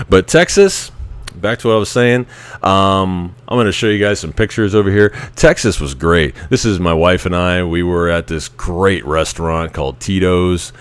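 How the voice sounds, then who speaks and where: A man's voice: low-pitched, clear, resonant tone, dry recording. A man in his thirties, a Navy veteran, telling casual stories about his service in a rambling, chuckling way with many restarts. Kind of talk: casual anecdotal storytelling.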